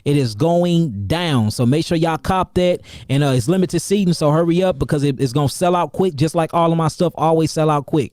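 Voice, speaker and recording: A man from St. Louis, an herbalist, giving casual livestream shout-outs to his viewers in an energetic, repetitive, slangy way. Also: fairly high pitch, a little fast, few pauses, dry recording. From St. Louis, Missouri, USA. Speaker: herbalist and seminar host.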